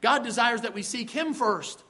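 Bright, high-voiced man preaching. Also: breathy edge. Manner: emphatic preaching, slowing to stress scripture. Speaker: pastor. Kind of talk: sermon.

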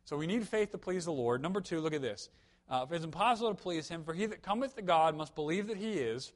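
A man's voice: a little high, expressive, fast. A young man preaching a sermon in a conversational, storytelling way, with humorous asides and emphatic peaks. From United States.

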